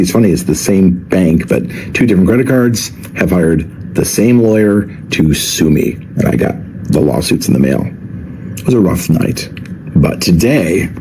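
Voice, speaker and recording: A man tells a story to camera in a casual, wry vlog style. His voice sits low and gravelly, with a dark, mellow tone. Faint noise hums underneath. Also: poor audio. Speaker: vlogger.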